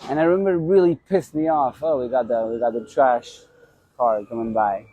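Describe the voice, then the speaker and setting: Mellow-voiced man rambling on a live stream. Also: medium pitch, steady tone, fairly quick. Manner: rambling, repeats his phrases. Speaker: former boxer hosting a live stream. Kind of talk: casual live-stream reminiscence.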